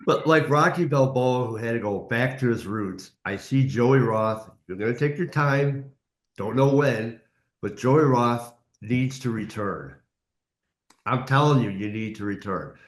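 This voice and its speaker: A man's voice: mid-range voice, a little slow. A man hosting an interview, encouraging and upbeat toward his guest. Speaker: interview host, reporter. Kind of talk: casual interview chat. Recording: echoey room.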